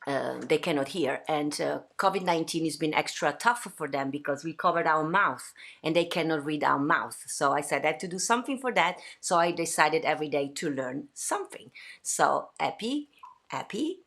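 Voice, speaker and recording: An Italian-accented woman hosts a livestream from her home, with a somewhat low voice. She chats in a lively way, full of fillers and restarts. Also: moderate pace, creaky. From Italy. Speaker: host. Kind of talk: livestream chat.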